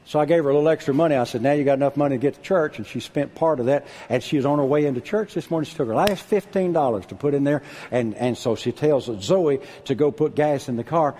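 An older man preaching a sermon, husky-voiced, dropping to a hush and then calling out loud. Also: on the high side, fairly quick. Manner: animated preaching, drops to a hush then shouts out. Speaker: pastor.

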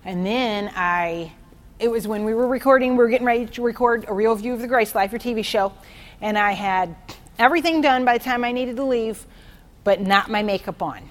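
A woman teaching from the Bible in an informal, excitable way, telling personal stories and often checking in with "okay?". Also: fairly high pitch, fairly quick. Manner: excitable, chatty, keeps asking "okay?"; tells personal stories to make a point.

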